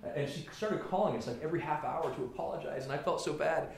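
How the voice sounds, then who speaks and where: A man's voice: fairly high pitch, quick pace. A man, a senator, giving a political speech to a small gathering and telling stories, often restarting and repeating words as he goes. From Colorado. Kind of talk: political stump speech with anecdotes. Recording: very echoey room with faint ambient noise.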